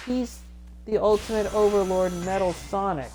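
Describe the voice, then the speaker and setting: A woman's voice: fairly low pitch, normal speed, darkish tone, slight background noise. A woman hosting a let's play video, recapping game scenes in a rambling, self-correcting way and acting out quotes.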